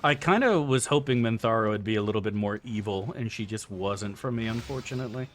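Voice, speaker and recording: A man's voice: on the low side, brisk, a little hiss or hum. A young man streaming a game live, casually and profanely bantering with his chat as he plays. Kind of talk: live gameplay commentary reading chat.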